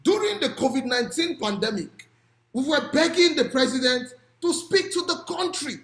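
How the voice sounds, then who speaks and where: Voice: high-pitched, expressive, normal speed, a bit bright, roomy sound. A speaker with a Nigerian accent giving an impassioned public talk on advocacy and policy, pressing points with rhetorical questions and sometimes raising the voice. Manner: emphatic, with rhetorical questions and occasional raised voice.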